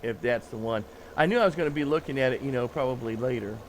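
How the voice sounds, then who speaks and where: A man's voice: medium pitch, fast talker, a little hiss or hum. A man streaming a farming game, chatting casually and rambling with fillers and chuckles. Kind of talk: casual live-stream chat.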